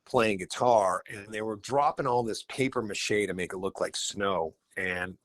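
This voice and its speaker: A middle-aged man, a rock guitarist guesting on a podcast, telling animated anecdotes and acting out quotes. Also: lowish voice, moderate pace. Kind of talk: casual storytelling interview.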